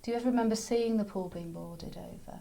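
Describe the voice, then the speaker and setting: A woman interviewer asking gentle prompting questions in an oral history interview. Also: mid-range voice, fast, creaky.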